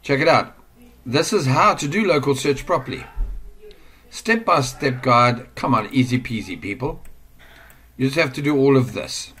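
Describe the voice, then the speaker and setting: A man in a home office walks through an online marketing lesson while sharing his screen. He talks in a loose, rambling, chatty way at an ordinary pitch and sometimes wanders away from the mic. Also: animated, normal speed, bright, forceful tone, breathy edge. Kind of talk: casual screen-share tutorial.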